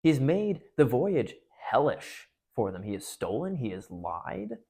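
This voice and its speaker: A man with a husky, somewhat breathy voice walks listeners through a story in a relaxed, conversational talk. He pitches in at a middling level and often restarts his phrases as he thinks aloud. He sounds like he is explaining a book to a parish group. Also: unhurried. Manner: conversational, with frequent restarts and fillers. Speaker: parish speaker on literature. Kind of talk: casual talk retelling and analyzing a book.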